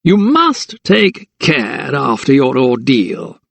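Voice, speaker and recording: A man's voice: high voice, big pitch swings, moderate pace, vocal fry, slightly rough, no room sound, pitched above the performer's own voice, full character voice. A man voicing a smug, sly older magistrate in an audiobook, with a drawling, self-satisfied manner. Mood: smug, mocking. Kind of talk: audiobook character voice.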